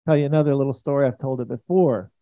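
Speaking quickly in a mid-range voice, this man preaches a conversational church sermon full of enthusiasm and frequent asides to his flock. He is a pastor. The sound is dry and phone-like, with no room ambience.

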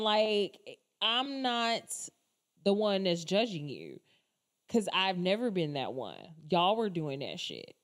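A woman talking casually into her camera in a rambling, exasperated opinion rant, swearing often and calling her viewers y'all. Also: medium pitch. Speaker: commentator.

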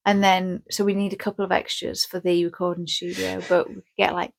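A woman's voice: lowish voice, flat delivery, a little fast, vocal fry. Rambling, jokey woman. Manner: rambling, jokey, acts out scenes. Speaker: podcast co-host. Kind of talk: casual chat.

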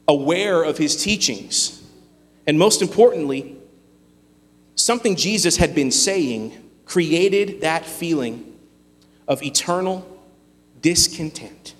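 Male pastor, preaching, emphatic with pauses; slightly high voice, long hall reverb. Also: expressive. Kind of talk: sermon.

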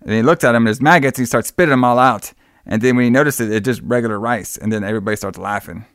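A man's voice: mid-range voice, rapid-fire, a bit bright, dry recording, clean studio sound. A man casually retelling a movie scene by scene, rambling and swearing, full of fillers. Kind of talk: casual movie recap chat.

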